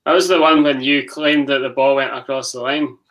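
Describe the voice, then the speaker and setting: A man's voice: medium pitch, fairly even intonation, fairly quick, fairly bright tone, far from the mic, rough recording. A man, a guest on a football stream, trading teasing banter in casual chat.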